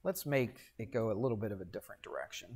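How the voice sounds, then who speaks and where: A man's voice: on the low side, expressive, fast talker, darkish tone, a little hiss or hum. Man teaching a geometry class. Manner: asks the class questions and answers them himself; jokey asides. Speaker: high school math teacher. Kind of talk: classroom lecture.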